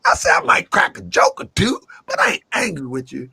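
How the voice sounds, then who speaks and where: A man telling a long, jokey story in lively chat, acting out the voices he quotes. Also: sits high, brisk, creaky, breathy edge, dry recording, shouting.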